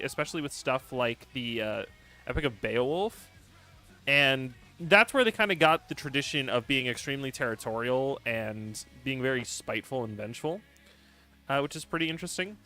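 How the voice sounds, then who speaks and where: A man's voice: on the high side, pushed and bright. A man streaming live, rambling casually and joking while he reads and answers viewer chat. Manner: rambling, joking, lots of laughs and fillers.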